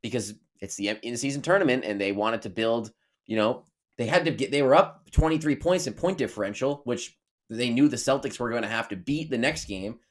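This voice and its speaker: A man's voice: mid-range voice, a little fast. Easygoing man in casual sports chat. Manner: relaxed, agreeable, backs up his co-host. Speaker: podcast co-host.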